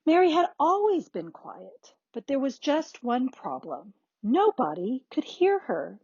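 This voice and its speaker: A woman slowly reading a children's picture book aloud in a soft, expressive manner. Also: sits high, breathy edge, no room sound, dull audio. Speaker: narrator. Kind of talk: slow storybook read-aloud.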